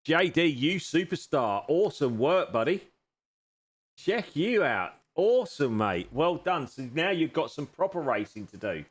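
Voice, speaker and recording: A man's voice: on the high side, big pitch swings, unhurried. A man streaming a racing game, chatting with his viewers in a jokey, teasing way and thanking them as he goes. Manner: jokey, teasing banter, grateful to chat. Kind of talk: live-stream chat with viewers while racing. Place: home sim racing rig.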